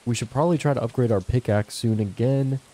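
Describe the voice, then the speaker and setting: A man's voice: mid-range voice, quick pace, mellow. A young man talking casually to his viewers while playing a farming game at home. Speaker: gaming channel host. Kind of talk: casual gameplay commentary. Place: home, indoors.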